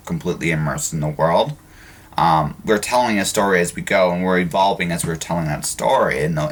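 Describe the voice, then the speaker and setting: A man's voice: low-pitched, a bit bright. A man hosting a podcast interview in casual conversation, often restarting and repeating words as he thinks aloud. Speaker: podcast host.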